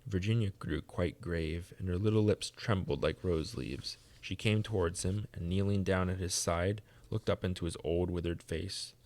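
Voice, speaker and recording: A man reading a classic story aloud as audiobook narration, in a measured storytelling manner. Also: low voice, steady tone, darkish tone. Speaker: reader.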